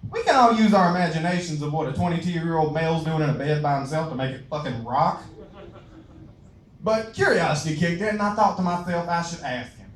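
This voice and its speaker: A man's voice: fairly high pitch, lively intonation, fairly quick, a little hiss or hum. A young man from Louisiana with a Southern accent doing a crude, self-mocking open-mic stand-up set, laughing at his own jokes. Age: young adult. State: out of breath. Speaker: stand-up comedian. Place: comedy club stage. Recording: echoey club from a distance.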